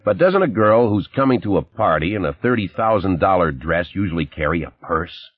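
A man's voice: low voice, expressive, brisk, no echo. A man voicing a blunt, teasing male police lieutenant in an audiobook. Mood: brash teasing. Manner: brash, teasing. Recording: slightly dull, dry recording.

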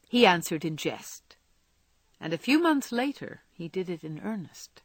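A woman narrating a classic novel as an audiobook, measured and expressive. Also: sits low, husky, no echo.

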